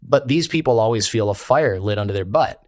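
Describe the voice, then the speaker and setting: A man, a podcast guest telling stories in an animated way and quoting people in character. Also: mid-range voice, fairly quick, no echo, clean studio sound. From United States. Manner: animated storyteller, quotes others in character. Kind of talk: conversational interview.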